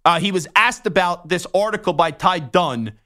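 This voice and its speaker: A young man on a sports talk show launches into a heated, indignant rant, his bright, tense voice pushing hard. He sounds fired up and disgusted. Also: high voice, lively intonation, moderate pace. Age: young adult. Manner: indignant, worked up, ranting. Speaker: sports radio host.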